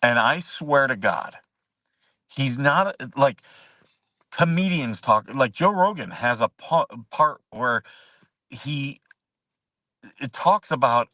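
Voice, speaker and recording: A man's voice: medium pitch, animated, slow, long pauses, bright, forceful tone, dry recording, distant mic, low-quality recording. A man hosting a casual talk show, rambling through stories with many fillers and restarts. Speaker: show host. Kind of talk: casual storytelling chat.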